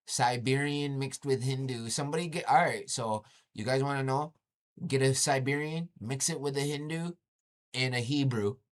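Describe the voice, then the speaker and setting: A man casually commenting on a video he is watching, animated and slangy, often exclaiming. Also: mid-range voice.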